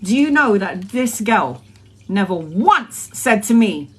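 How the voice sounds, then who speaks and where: A woman's voice: medium pitch, expressive, slow, fairly bright tone, slightly rough. A woman giving a casual spiritual monologue, blunt, emphatic and full of swearing. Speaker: tarot reader.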